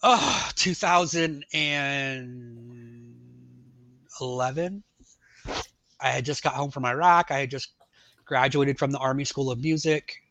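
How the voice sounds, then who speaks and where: A man's voice: mid-range voice, a bit bright. A man, an Army veteran and podcast guest, telling his testimony in a casual, rambling way, full of "like" and "you know".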